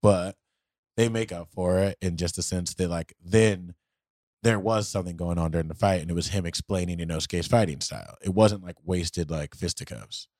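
A man co-hosting a casual anime podcast, talking loosely with slang and swearing, acting out quick quotes from the shows. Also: deep voice, darkish tone, no room sound, studio quality. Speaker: podcast co-host.

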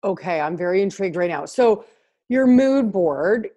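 A woman's voice: medium pitch, animated, normal speed, mellow. Woman host, curious and self-deprecating, trips over her questions. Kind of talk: casual podcast interview.

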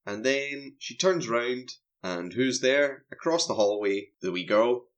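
A man's voice: mid-range voice, animated, measured pace, dull audio. A man, co-hosting a casual film review chat and animatedly recapping scenes. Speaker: film podcast co-host.

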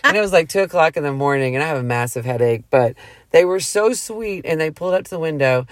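A woman's voice: low voice, lively intonation, fast, no room sound. A woman who works a drive-thru, telling a story in a rambling, earnest way full of fillers. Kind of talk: casual chat.

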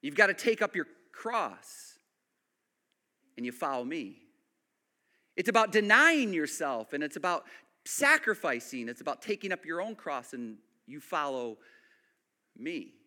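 A man preaching a sermon, animated, then dropping to hushed emphasis. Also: a little high, measured pace, pauses often. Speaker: pastor.

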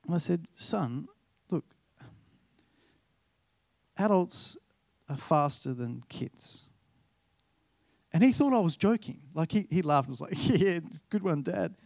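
High-voiced pastor telling stories. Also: male voice, lively intonation, slow, creaky, long pauses, a little mellow, no room sound. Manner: chatty, self-deprecating, acts out dialogue. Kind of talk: sermon with personal storytelling.

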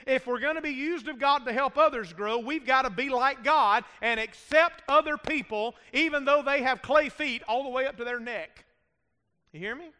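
Guy preaching in a church, really high bright voice, long hall echo, keeps asking amen. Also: normal speed, smooth. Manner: emphatic preaching with frequent call-and-response amens. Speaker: pastor. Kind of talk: sermon. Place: church sanctuary. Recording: reverberant hall.

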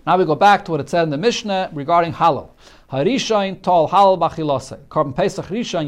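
A man teaching a Talmud class, reading each phrase of the text and explaining it in English, often restarting his sentences. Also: fairly high pitch. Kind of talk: Talmud lesson, translating Hebrew and Aramaic phrase by phrase.

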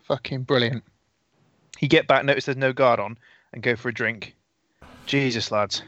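A man's voice: mid-range voice, steady tone, normal speed, a bit bright, dry recording. Male tabletop player, casual and foul-mouthed, dull lo-fi recording, dry sound. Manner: casual, swears freely. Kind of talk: tabletop role-play in and out of character.

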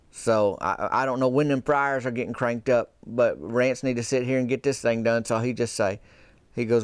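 A man's voice: medium pitch, moderate pace, clean tone, no room sound. A man telling a comic story in a folksy, rambling, drawling way. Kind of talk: comedic storytelling.

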